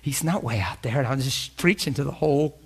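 A man preaching a sermon, telling a story with bursts of laughter and dropping to a hushed, reverent voice. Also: mid-range voice, quick pace, husky. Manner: animated, laughs often, drops to a hushed tone for reverent parts.

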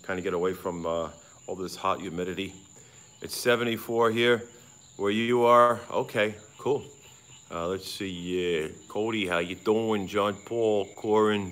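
A sweaty middle-aged man livestreams from his phone by a pond at night. He rambles, gets excited and swears freely. Frogs and insects chirp behind him. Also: low voice. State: sweating in the heat. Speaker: live-streamer. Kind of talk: casual live-stream chat outdoors at night.

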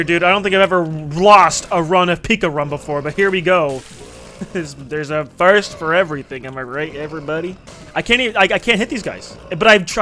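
Gaming creator, man, high bright voice, cursing and laughing through his run, faint game music underneath. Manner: swears freely, laughs often, talks to viewers. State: recently woken up. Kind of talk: casual gameplay commentary.

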